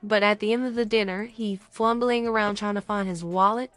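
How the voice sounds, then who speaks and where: Young woman on a podcast giving dating advice, lively, acts out bits, dry close sound. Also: mid-range voice, a little fast, dry recording, soft background music. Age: young adult. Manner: animated, acts out little scenes. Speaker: podcast co-host. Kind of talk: casual podcast chat.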